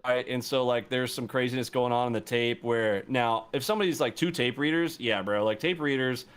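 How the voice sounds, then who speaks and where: A man talking in casual chat, animated and profane, jumping into high-pitched outbursts when riled. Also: a little fast, clean tone.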